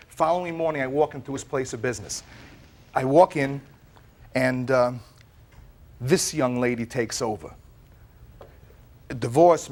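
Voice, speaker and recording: A man with a fairly high voice tells his side in a courtroom. He is animated and tumbles over his words, repeating himself as he rushes through the story. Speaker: plaintiff in a TV courtroom.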